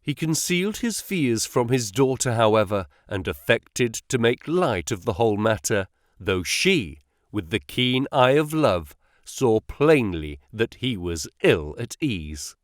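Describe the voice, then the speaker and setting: Slow, expressive male audiobook narrator. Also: mid-range voice, no room sound, clean studio sound. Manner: measured and expressive. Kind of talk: classic novel audiobook reading.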